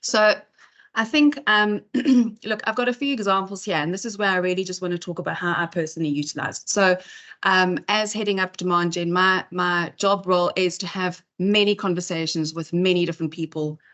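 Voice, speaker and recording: A woman's voice: on the low side, fairly even intonation, brisk, a bit bright. A woman speaker giving a chatty talk at an in-person event, full of fillers and asides. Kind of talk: conference talk.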